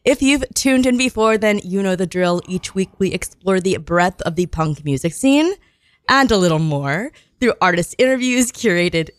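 A woman's voice: medium pitch, expressive, normal speed, no echo. A woman hosting a radio show, chatting casually and giggling, with lots of fillers, on a close studio mic.

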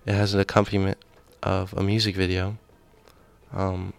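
A man's voice: deep voice, completely flat delivery, moderate pace, gravelly. A man hosting a casual radio interview, earnest and agreeable, with rambling questions. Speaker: radio host.

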